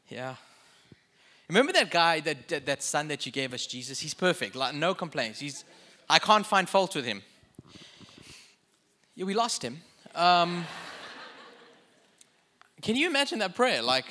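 A young male pastor delivers a sermon in a chatty, joking, self-deprecating way. His voice is bright and sits a little high. He talks to the congregation as if chatting with friends. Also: big pitch swings, brisk, pauses often, a little hiss or hum. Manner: humorous, conversational, self-deprecating.

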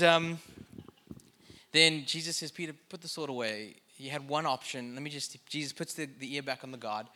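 Bright-voiced humorous male preacher. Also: a little high. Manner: humorous, conversational, self-deprecating. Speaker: pastor. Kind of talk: sermon.

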